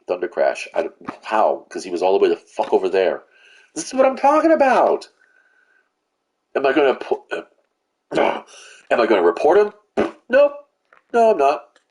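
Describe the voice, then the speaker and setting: A man's voice: deep voice, darkish tone, husky. A man giving profane, rambling commentary while he plays a game, venting his frustration. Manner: rambling with restarts and fillers. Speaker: gaming channel host. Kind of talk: live gameplay commentary.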